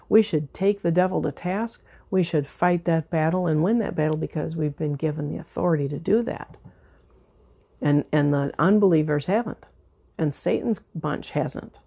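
A woman's voice: low voice, creaky, dark tone, breathy edge. A woman pastor giving an earnest, conversational sermon, stressing points by repeating words.

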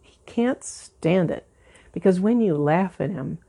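Low, gravelly woman preaching. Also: animated, a little slow, warm tone. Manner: earnest, emphatic, repeats words for stress. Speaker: pastor. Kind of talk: conversational sermon.

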